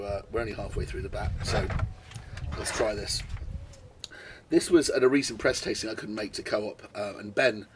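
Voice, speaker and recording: A man's voice: fairly low pitch, fairly bright tone, slight background noise. Chatty British man tasting wine. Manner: chatty and enthusiastic, tastes and comments as he goes. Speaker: wine presenter. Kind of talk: casual wine tasting video. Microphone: camera mic.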